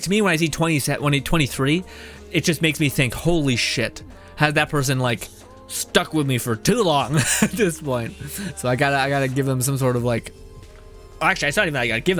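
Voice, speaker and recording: A man's voice: medium pitch, quick pace, a bit bright, soft background music. A man streaming a game, chatting casually with viewers and reading out their messages, laughing often and swearing freely.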